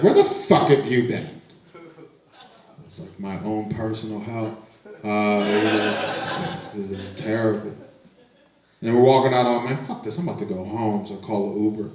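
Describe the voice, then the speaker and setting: A young man with a lowish voice tells stand-up stories in a laid-back, deadpan way, swearing as he goes. He sounds set back from the mic, and the room rings with a strong echo. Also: far from the mic. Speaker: stand-up comic. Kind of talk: stand-up storytelling. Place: art gallery.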